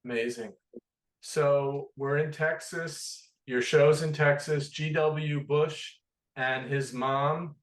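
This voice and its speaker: A man's voice: a little high, steady tone, slow. Man asking brief questions in a roomy space. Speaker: podcast host. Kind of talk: interview questions.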